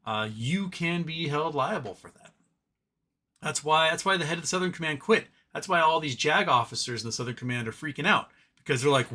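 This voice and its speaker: A man with a bright, forceful voice hosts a casual livestream from home, reading out viewer comments. He rambles and restarts, trailing into loose opinionated asides. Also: a little high, lively intonation, a little fast. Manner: rambling, opinionated, drops to a mumble talking to his cat.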